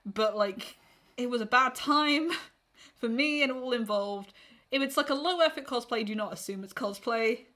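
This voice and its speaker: A woman co-hosting a casual podcast, her voice sitting a little higher than most. She speaks frankly and gives blunt advice, laughing often as she talks. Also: normal speed, bright, forceful tone. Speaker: podcast co-host. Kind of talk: casual chat.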